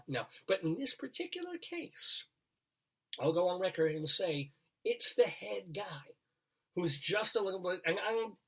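A man's voice: a little high, fairly bright tone, slightly rough. A man hosting a talk show in casual chat, rambling from topic to topic and laughing at his own jokes. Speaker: radio show host.

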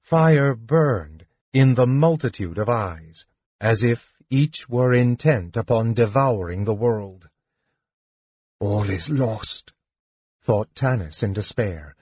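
A man narrates an audiobook slowly in a husky, low-pitched voice, measured and dramatic. The recording is dull, lo-fi and dry, with no room sound. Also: animated, darkish tone, no room sound. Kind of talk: scripted narration.

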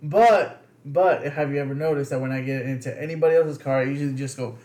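A man's voice: mid-range voice, fast talker, darkish tone. A man in casual chat, trading laid-back, profane banter. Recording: echoey room.

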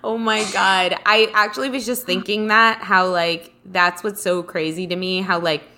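A woman's voice: medium pitch, fairly even intonation, moderate pace, sharp tone. A young adult woman co-hosting a casual podcast chat, telling stories with lots of "like" and restarts. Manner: chatty storyteller, many likes and restarts. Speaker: podcast co-host.

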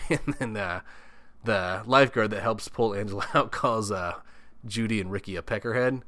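A man with a fairly low, forceful voice recaps a horror movie in loose, casual chat. He swears constantly and laughs at his own asides, and the sound is dry and close. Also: moderate pace, no room sound. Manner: profane, laughs often, comic asides. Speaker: podcast host.

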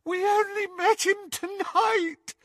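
A man's voice: fairly even intonation, slow pace, a bit bright, recorded from a distance, heavily acted. A man doing a sobbing, terrified young woman. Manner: tearful, high and pleading.

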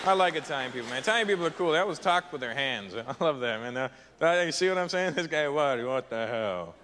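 A young man performing a punchy, lively stand-up set on a festival stage. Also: a little high, fast, a faint crowd. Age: young adult. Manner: lively, punchy, jumps into voices. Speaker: stand-up comedian. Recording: echoey hall, light hiss.

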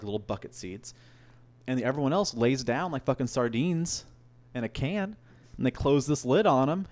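A young man co-hosting a podcast, telling a long, rambling, profane story and acting out the quotes. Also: mid-range voice. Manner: profane, rambling, animated anecdotes with acted-out quotes. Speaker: podcast co-host. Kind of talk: casual storytelling.

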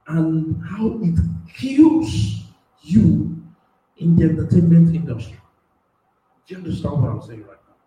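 A man preaching with strong emotion. He stumbles over words, restarts phrases, and his voice surges high and loud when he gets worked up. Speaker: self-styled prophet and preacher. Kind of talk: impassioned spontaneous preaching. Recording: very echoey room, voice far from the mic.

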